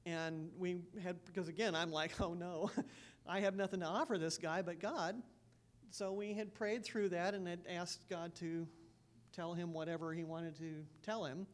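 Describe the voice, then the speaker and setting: A woman pastor sharing earnest personal stories in a church sermon, with soft laughs between thoughts. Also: fairly low pitch, fairly even intonation, moderate pace.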